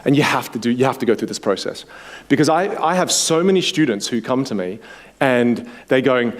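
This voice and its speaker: A man coaching participants at a workshop, animated and acting out the voices he quotes. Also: medium pitch, brisk. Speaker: communication coach. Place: workshop room.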